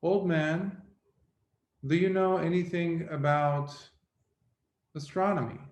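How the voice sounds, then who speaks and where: A man's voice: a little high, fairly even intonation, slow pace, voice pushed up. A man voicing a proud young scholar who talks down to an old boatman, questioning him condescendingly. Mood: smug. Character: young proud over-educated male scholar. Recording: roomy echo.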